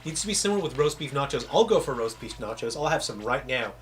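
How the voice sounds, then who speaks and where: A man with a faint Southern American accent chats loosely on a livestream, his voice sitting at an ordinary middle pitch. He rambles through stories, stopping and restarting his sentences. A faint background hum runs under his voice. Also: sing-song, fast talker. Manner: rambling, self-interrupting storyteller. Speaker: game developer streamer. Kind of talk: casual livestream chat with viewers.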